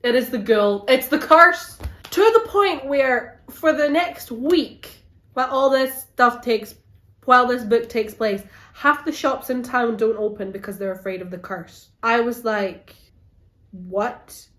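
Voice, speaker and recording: A woman giving a casual, animated book review, exasperated as she retells the plot. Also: a little high, measured pace. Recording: roomy echo.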